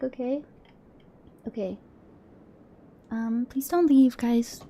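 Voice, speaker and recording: A young woman live-streaming a game, chatting casually with viewers in an excitable, self-deprecating way. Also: fairly high pitch, moderate pace. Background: game music.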